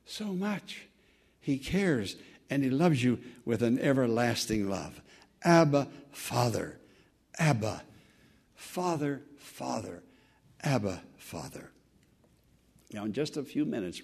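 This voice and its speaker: A man preaching a sermon as pastor, earnest and conversational, swinging from fervent emphasis to soft, quiet phrases. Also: medium pitch, a little slow, husky. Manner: repeats words and restarts, conversational preaching.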